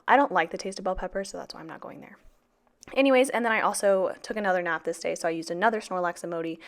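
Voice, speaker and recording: A young woman in her twenties talks through her planner in a loose, rambling vlog style. Her voice sits a bit low for a woman. She is sassy and profane, with plenty of fillers. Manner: chatty, sassy, swears freely, many fillers. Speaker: teacher, planner vlogger. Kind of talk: casual planner vlog chat.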